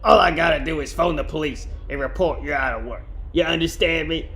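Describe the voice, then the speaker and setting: A man's voice: fairly high pitch, a little fast, fairly bright tone. A man reading the lines of a bossy woman bar owner, curt and threatening.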